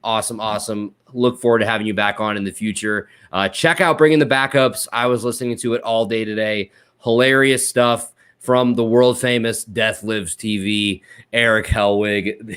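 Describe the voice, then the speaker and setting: A man's voice: medium pitch, moderate pace, a bit bright, smooth. A man hosting a podcast, chatting casually and telling a joking story about a college football game. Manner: laid-back, joking storyteller. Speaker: podcast host.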